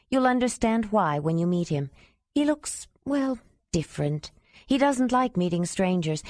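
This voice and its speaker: A woman's voice: medium pitch, a little mellow, no room sound, natural voice. A woman reading the part of a friendly young woman in an audiobook, chatty and confiding.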